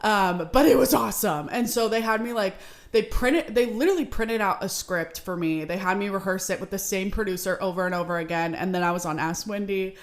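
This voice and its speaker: A woman's voice: mid-range voice, a little fast. A woman in her twenties from Seattle hosting a podcast, telling a story in a chatty, upbeat way full of "like". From Seattle, United States. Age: 20s. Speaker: podcast host. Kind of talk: casual storytelling.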